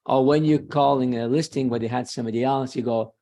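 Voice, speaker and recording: Confident male sales trainer with a gravelly, mid-pitched voice, emphatic and quick to correct himself. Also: fairly even intonation, dark tone. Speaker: real estate sales trainer. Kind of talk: guest talk on a sales webinar.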